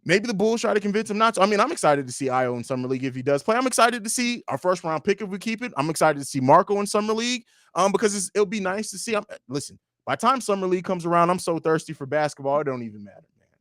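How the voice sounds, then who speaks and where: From his home studio, a young man hosts a casual fan livestream, reading viewer comments aloud and trash-talking with profanity. His delivery swings between loud bursts and low mumbles, with lively intonation and a quick pace. There's no room sound.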